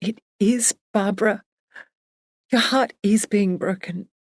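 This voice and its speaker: A woman voicing a gentle female friend who soothes in a hushed, quiet voice. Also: a little high, normal speed, husky, no room sound, clean studio sound, voice pushed up. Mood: soothing.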